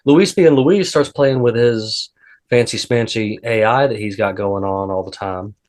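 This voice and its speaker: A man hosting a podcast, telling a rambling story in casual chat with lots of restarts. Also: mid-range voice. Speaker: podcast host.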